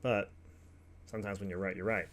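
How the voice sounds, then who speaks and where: A man's voice: low voice, fairly even intonation, brisk, fairly bright tone. A man hosting an opinion show, reading passages aloud and commenting in a casual, offhand way with asides to his viewers.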